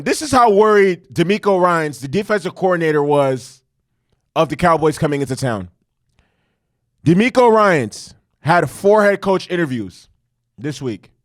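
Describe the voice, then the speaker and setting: A man with a high-pitched voice rants about football games in a loose, profane, animated way. He repeats his points to hammer them home. The sound is dry and close. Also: no room sound. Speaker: sports commentary host. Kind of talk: casual sports reaction rant.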